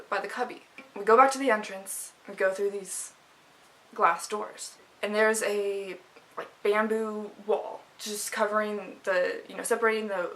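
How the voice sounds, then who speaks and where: A woman's voice: medium pitch, a bit bright, low-quality recording. A young woman vlogger telling a personal story in a casual, chatty way, full of fillers and restarts.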